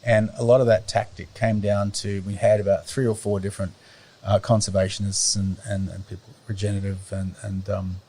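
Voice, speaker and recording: A middle-aged Australian man chatting as a podcast guest, rambling and often pausing to search for words. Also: lowish voice, flat delivery, mellow. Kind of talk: casual conversation.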